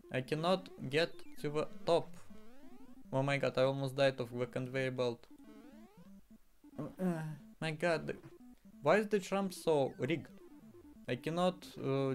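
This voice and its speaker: A man talks through a retro platform game, his voice a touch high and his delivery slow and drawn out. He sounds exasperated, swears and exclaims often. Faint game music plays underneath. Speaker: gaming streamer. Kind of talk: casual game commentary.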